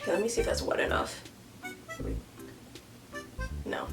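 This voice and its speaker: A woman's voice: medium pitch, wildly swooping pitch, moderate pace, creaky, long pauses, music in the background. A young woman chatting casually while doing her makeup, frank and joking, cursing freely as a beauty vlogger. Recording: voice a bit far from the mic.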